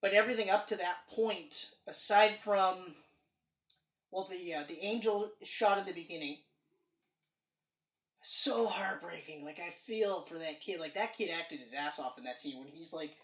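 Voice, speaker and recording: A woman co-hosting a podcast, reviewing a film in casual chat, animated and emphatic, acting out lines and swearing freely. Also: on the low side, normal speed. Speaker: podcast co-host. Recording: roomy echo.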